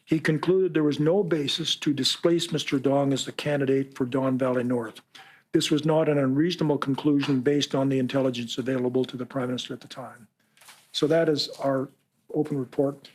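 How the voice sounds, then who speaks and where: A man from Canada answering reporters' questions at a press conference, earnest and measured, sometimes reading passages aloud. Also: medium pitch, fairly even intonation, darkish tone. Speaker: special rapporteur answering reporters.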